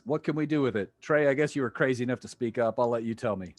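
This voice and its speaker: A man's voice: mid-range voice, fast talker, a little mellow, dry recording, studio quality. A man teaching a physics class over a video call, joking and quizzing his students. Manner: playful, jokey, quizzes students. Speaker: physics lecturer. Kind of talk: online lecture.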